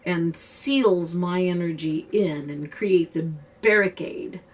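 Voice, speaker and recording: A woman with a husky, slightly low voice talks earnestly to the camera, explaining her experience in a loose, conversational way. She sits some distance from the microphone, so her voice sounds set back. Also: slow pace. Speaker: self-described empath teaching a technique. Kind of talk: casual explanatory talk to camera.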